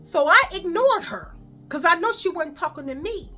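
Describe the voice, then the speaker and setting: High bright Chicago woman telling a story. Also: normal speed, soft background music. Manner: animated, profane, addresses viewers as y'all. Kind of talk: storytime vlog.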